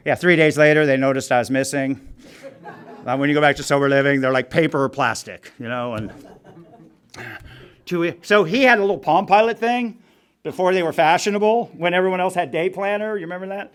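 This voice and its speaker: A man's voice: fairly high pitch, fairly quick, clean tone. A middle-aged man telling his recovery story to a meeting group in a blunt, profane, wry way. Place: meeting room.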